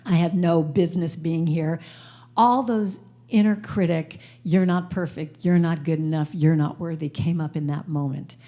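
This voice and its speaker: A woman's voice: low voice, normal speed. An American woman giving a sermon to a live congregation, telling a personal story and acting out the voices in it. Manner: animated, acts out voices in her story. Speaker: guest speaker at a spiritual center. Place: church sanctuary before a live congregation.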